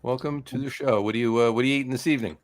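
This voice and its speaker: A man's voice: mid-range voice, steady tone, very fast. A man co-hosting a casual podcast, chatty, often repeating words as he gathers his thoughts. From New Jersey. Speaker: podcast co-host. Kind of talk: casual chat.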